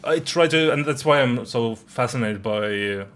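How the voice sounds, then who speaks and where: A man's voice: medium pitch, normal speed, a bit bright. A man from Finland with a Finnish accent, co-hosting a casual podcast chat, hesitant and laughing often. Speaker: co-host.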